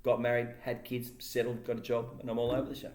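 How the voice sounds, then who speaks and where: A man's voice: medium pitch, monotone, fast, darkish tone. A man, co-hosting a casual podcast chat. He talks in a loose, chatty way and keeps tagging his lines with "right?". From Australia. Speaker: podcast co-host. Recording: echoey room.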